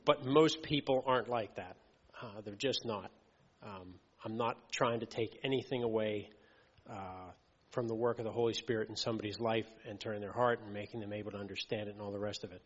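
Speaking a little fast in a lowish voice, a man preaches as a lay minister in an easygoing, conversational manner, regularly asking "okay" and "right." Muffled audio and long hall reverb mark the recording.

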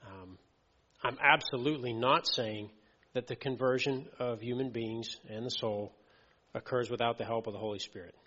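A man delivers a sermon in a plain, conversational manner, pausing on fillers and checking that the congregation is with him. His voice sits at an ordinary mid pitch. The recording is dull and muffled, with a long reverb trailing off the walls of a church hall. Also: bright, forceful tone. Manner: conversational, frequent fillers and checks like "okay" and "right". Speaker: lay preacher.

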